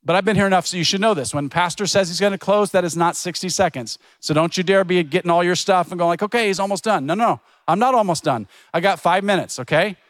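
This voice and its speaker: A man's voice: sits high, fast, hardly any pauses, no room sound. A middle-aged man preaching a sermon as a pastor, telling stories in a conversational way and acting out the voices of people he quotes. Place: church.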